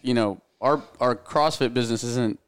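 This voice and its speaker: A man's voice: mid-range voice, normal speed, clean tone. Rambling laughing podcast guest, man. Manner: rambling, restarts, laughs often. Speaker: podcast guest, gym co-owner. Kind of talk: casual chat.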